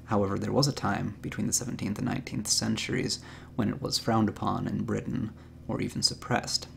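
A man's voice: fairly low pitch, fairly even intonation, brisk, gravelly, slight background noise. A man hosting a short word-of-the-day video, reading a scripted explanation in a dry, wry way. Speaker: host.

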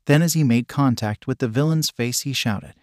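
A man narrating a scripted action fan story in a steady read-aloud manner. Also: mid-range voice, moderate pace, no echo, studio quality.

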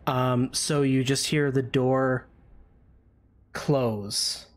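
A man narrating a tabletop game as game master, in descriptive, halting narration with fillers. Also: medium pitch, fairly even intonation.

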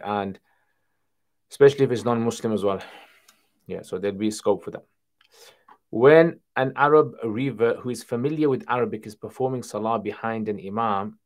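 Low-voiced man answering viewer questions. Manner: reads viewer questions aloud then answers conversationally. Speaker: Islamic Q&A livestream host. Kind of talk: casual livestream Q&A.

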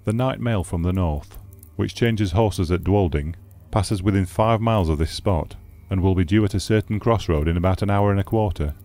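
A man's voice: low-pitched, warm tone, soft background music. A man reading as a bitter old recluse scholar. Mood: calm. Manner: measured, declamatory. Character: bitter aging male scholar, eloquent recluse. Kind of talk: audiobook character reading.

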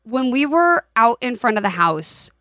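A woman in her forties co-hosting a podcast, casual chat, telling lively anecdotes and acting out the voices in them. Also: a little high, unhurried, no echo, clean studio sound. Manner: animated storyteller, acts out voices in anecdotes. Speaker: podcast co-host.

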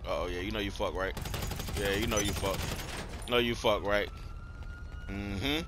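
A man's voice: lowish voice, measured pace, pauses often, noisy background. A young man giving live gameplay commentary, slangy and trash-talking other players. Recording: loud game sounds under the voice.

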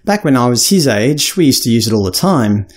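A man's voice: medium pitch, sing-song, a little fast. An Australian man in his thirties giving a scripted explainer, wry and casual with cheeky crude asides. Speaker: vlogger explaining slang.

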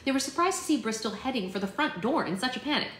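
A woman hosting a book club, reading a children's novel aloud in a steady, plain storytelling manner with small slips. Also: high-pitched, quick pace, reverberant, slight background noise, low-quality recording.

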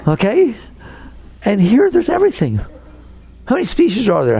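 A man giving an inspirational talk as a spiritual teacher, animated and acting out anxious inner voices. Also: sits high, normal speed, husky.

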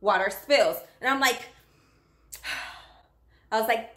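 A woman working as a nanny, telling her own story in a chatty, animated vlog style. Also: fairly high pitch, takes it slowly, pauses often. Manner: chatty and animated, acts out quotes. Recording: roomy echoey room.

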